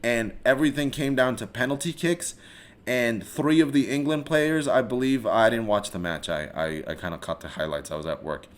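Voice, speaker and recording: A man rambles through a solo live-stream podcast in a loose, casual rant. His voice sits at an everyday middle pitch, and he swears freely, restarts his sentences and swerves into asides. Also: expressive, moderate pace. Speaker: podcast host.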